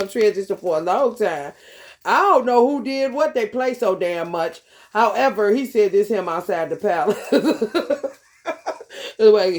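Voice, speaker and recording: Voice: medium pitch, a little mellow. A vlogger talking in a loose, profane monologue, laughing often and calling listeners honey and baby. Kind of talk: casual monologue.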